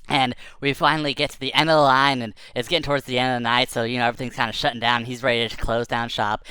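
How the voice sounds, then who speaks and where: Lady storyteller doing a goofy kids tall tale, bright lively voice, dry close sound. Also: a bass voice, clean tone, dry recording. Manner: playful, sing-song chanting, silly exaggeration. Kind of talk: comic first-person tall tale for kids.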